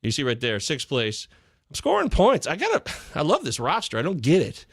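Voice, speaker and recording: A man hosting a live fantasy football chat in a jokey, excitable way, jumping from loud bursts to muttered asides. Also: a little high, brisk, creaky, slightly rough, no echo, studio quality. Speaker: podcast host.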